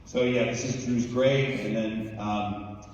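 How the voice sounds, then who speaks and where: A man's voice: on the low side, fairly even intonation, slow pace, a little mellow, a little hiss or hum. A man speaking bluntly and plainly to students at a school assembly. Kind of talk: spoken talk to students. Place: large school hall. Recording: echoey hall recorded from far off.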